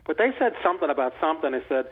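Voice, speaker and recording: A man in his sixties, a guest author, telling stories in a rambling, animated way full of restarts. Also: fairly high pitch, racing, breathy edge. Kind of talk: casual conversational storytelling. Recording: phone-like narrow line.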